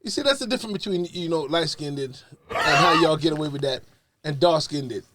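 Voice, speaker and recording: A man co-hosting a casual podcast chat, telling stories in an expressive, emphatic way. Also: on the high side, fairly quick, very noisy. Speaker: podcast co-host.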